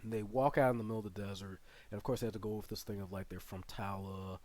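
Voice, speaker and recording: A man's voice: fairly low pitch, steady tone, fast talker, darkish tone. A man hosting his channel, casually retelling a show's plot in a rambling way full of fillers and asides. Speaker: channel host reviewing a series. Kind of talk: casual spoken plot recap.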